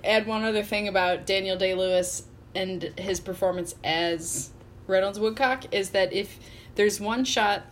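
Woman, film chat, thoughtful, hesitant, restarts sentences, medium pitch. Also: unhurried, slight background noise. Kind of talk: casual film discussion.

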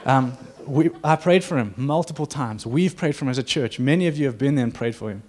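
A man's voice: mid-range voice, quick pace, a little mellow. A man preaching a sermon to his church in an earnest, conversational way, acting out quotes as he goes. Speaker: pastor.

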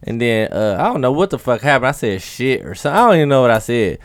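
A man's voice: mid-range voice, very animated, quick pace. A man chatting casually with friends, telling a slangy, profane childhood story with a joking edge.

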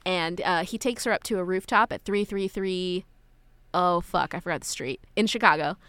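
A woman with a bright, forceful voice gushes over a romantic movie as a podcast co-host. She keeps calling it sweet and cute and giggles often, recorded dry and close. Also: on the low side, normal speed, smooth, no room sound. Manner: gushing and enthusiastic, giggles a lot. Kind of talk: casual movie discussion.

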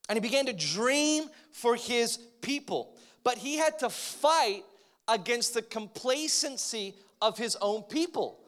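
An American man preaching a sermon to a congregation, talking in an energetic, joking way that rises to emphatic points. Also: extremely high pitch, measured pace. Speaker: pastor. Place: church, in front of a congregation.

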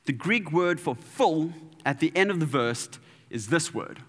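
In a large hall whose long reverb trails his words, a male preacher gives a lively sermon a little slowly. His bright, forceful voice swings widely in pitch as he stays playful and animated, adding sound effects.

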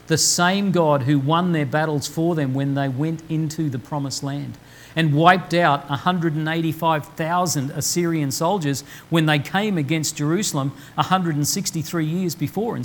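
A man preaching a sermon, slowing down to quote scripture word by word with emphasis. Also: fairly high pitch, poor audio. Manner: emphatic, slow deliberate quoting of scripture. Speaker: pastor. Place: church.

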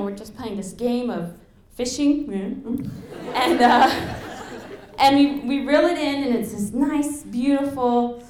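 A young woman from Alaska telling a lively personal story to an audience, laughing and acting out the quotes. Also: high-pitched. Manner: animated, laughing, acts out quotes. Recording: echoey room.

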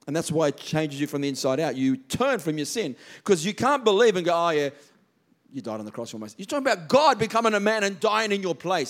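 A man preaching a sermon, slowing down and stressing key words. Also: high voice, animated. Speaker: pastor.

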